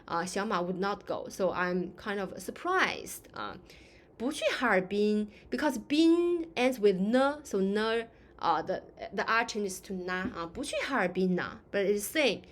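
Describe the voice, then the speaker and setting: A woman's voice: mid-range voice, lively intonation, unhurried. A woman teaching a lesson in English, explaining patiently with many fillers and acting out example phrases. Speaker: Chinese language teacher.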